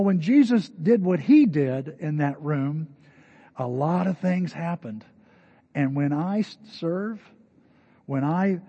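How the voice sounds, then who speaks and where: Older man, pastor, preaching, storytelling delivery, high-pitched, mellow husky voice, church hall, long reverb, dull lo-fi sound. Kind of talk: sermon.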